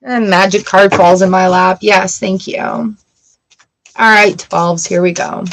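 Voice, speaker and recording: A woman's voice: mid-range voice, fairly even intonation, slow, fairly bright tone, a little hiss or hum. A woman from Canada giving a live-streamed tarot reading, chatty and affirming, greeting viewers by name as she talks. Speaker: tarot reader.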